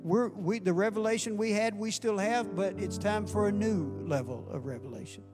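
An older man giving a passionate sermon as guest preacher, rising in volume and dropping back to quiet questions. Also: high-pitched, normal speed. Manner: passionate, builds in volume, then drops to questions. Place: church. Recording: music playing underneath.

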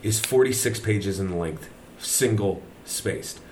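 Lowish-voiced guy hosting a chill podcast, cussing casually, slight noise behind. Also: slow. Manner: laid-back, swears freely. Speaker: podcast host. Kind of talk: casual chat. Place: old manor house.

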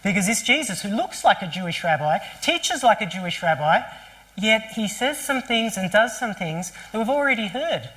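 A pastor preaching a sermon at a church service, telling the story vividly with rhetorical questions and quick restarts. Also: mid-range voice, sing-song, fairly bright tone.

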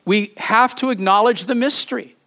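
A pastor delivers a sermon with emphatic, expressive preaching. He reads scripture aloud with feeling. His voice sits high for a man. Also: moderate pace.

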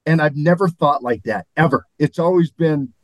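A man's voice: on the high side, normal speed, no echo, rough recording. An older man, a former athlete and guest, telling stories in a rambling, chuckling way. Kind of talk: anecdotal interview storytelling.

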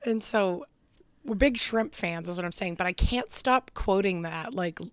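A woman's voice: mid-range voice, unhurried, clean tone, no echo. A young woman co-hosting a podcast in casual chat, telling jokey stories. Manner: animated, jokey storyteller. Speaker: podcast co-host.

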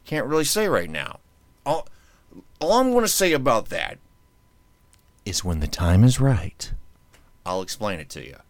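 A man's voice: mid-range voice, sing-song, unhurried, long pauses, no echo. A man hosting his own podcast in casual chat, rambling and joking as he restarts his sentences. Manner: rambling, self-interrupting, joking. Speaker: podcast host.

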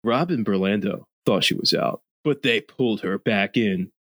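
A man's voice: lowish voice, normal speed, a bit bright, dry recording. A man co-hosting a podcast, reading a news story aloud and riffing on it with jokes and swearing. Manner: jokey, swearing, riffing on an article. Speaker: podcast co-host.

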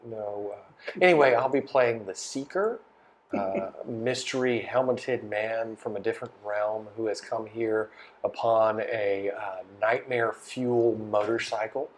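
A man introducing his character on a tabletop game podcast in a joking, deadpan way. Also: on the low side, unhurried. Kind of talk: casual podcast banter.

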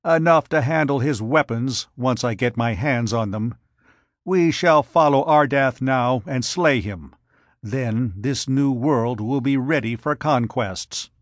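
A man's voice: mid-range voice, takes it slowly, no room sound, natural voice. A man reading aloud, voicing a brutish, scheming giant who growls blunt, contemptuous lines. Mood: scornful.

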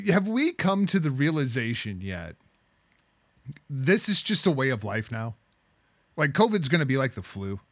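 Man ranting with lively pitch. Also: gravelly, no room sound. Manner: exasperated, emphatic ranting, swears. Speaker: podcast host. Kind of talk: casual chat.

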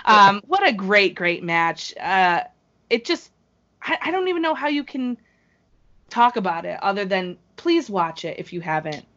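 A woman gushes about a match in a casual co-hosting chat. Her voice sits at an ordinary middle pitch, and the recording sounds slightly muffled and lo-fi. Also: big pitch swings, measured pace, fairly bright tone. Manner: gushing, enthusiastic. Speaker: wrestling podcast co-host.

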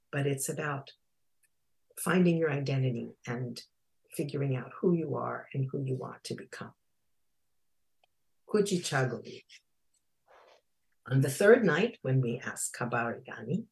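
Gravelly and husky, this mid-range voice walks listeners through Kwanzaa in a relaxed lesson. Excerpts from a children's book are read aloud, Swahili words are spelled out slowly, and the tone stays reflective, full of pauses and fillers.

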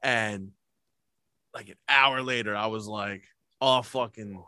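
A man's voice: fairly low pitch, fairly even intonation, slow pace, sharp tone, clear, resonant tone. A man chatting casually, telling a rambling story full of swearing. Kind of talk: casual chat.

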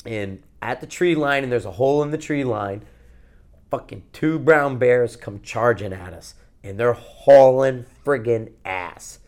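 Speaking at a measured pace in a mid-range voice, a man who co-hosts a podcast and hails from Connecticut recounts a long outdoor story. The telling is casual and lively, full of cursing and rambling detours.

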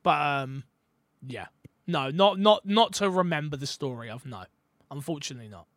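A man hosting a casual gaming podcast, telling animated stories and slipping into impressions. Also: fairly high pitch, moderate pace, no room sound, clean studio sound. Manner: animated storyteller, slips into impressions. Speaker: podcast host.

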